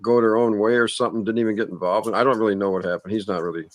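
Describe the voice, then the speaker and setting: A man with a somewhat low voice talks in an online voice chat. He sounds baffled and keeps saying he can't make sense of things. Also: fairly even intonation, rapid-fire, dry recording.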